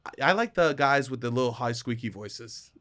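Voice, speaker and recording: A man hosting a casual podcast chat, excitable and teasing, with frequent swearing. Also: medium pitch, moderate pace. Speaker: podcast host.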